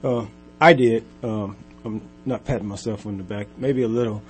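A man talking as a dog-trainer guest on a radio show, speaking haltingly with lots of ums. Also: lowish voice, fairly even intonation, over music. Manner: halting, many ums, soft-spoken. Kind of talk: casual radio interview.

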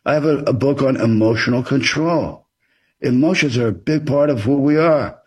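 Husky-voiced man giving earnest advice. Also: mid-range voice, normal speed, a little mellow. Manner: earnest and advisory, acts out example dialogue. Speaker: author and interview guest. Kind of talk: explanatory interview talk.

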